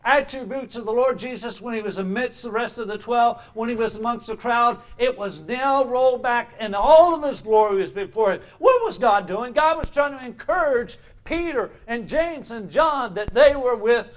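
A man's voice: very high-pitched, lively intonation, normal speed, hardly any pauses. A man preaching a sermon, reading archaic scripture passages and explaining them with emphatic, rising delivery.

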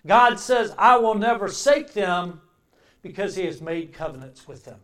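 A man preaching a sermon, swinging between loud emphatic declarations and quiet, reflective passages. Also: sits high, animated, normal speed.

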